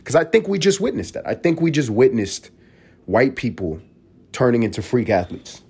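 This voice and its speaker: Husky male podcast host, profane rambling riff, mid-pitched. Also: sing-song, moderate pace, a little mellow. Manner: rambling, profane, riffing with restarts. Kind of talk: casual solo podcast monologue.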